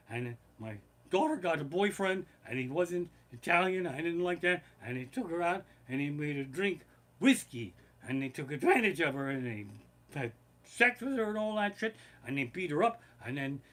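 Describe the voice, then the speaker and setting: A man's voice: on the high side, fairly bright tone. A man voicing an aggrieved immigrant undertaker who pleads in broken, simple sentences.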